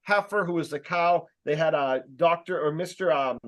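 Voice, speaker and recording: A man giving a casual sales training talk, speaking loudly and emphatically, with rambling jokey asides and plenty of fillers. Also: fairly high pitch, normal speed. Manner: loud, emphatic, projecting voice.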